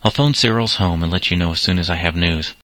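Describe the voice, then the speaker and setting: A man's voice: deep voice, quick pace, a bit bright, slight background noise. A man reading the lines of an anxious middle-aged mother, in a plain read-aloud voice.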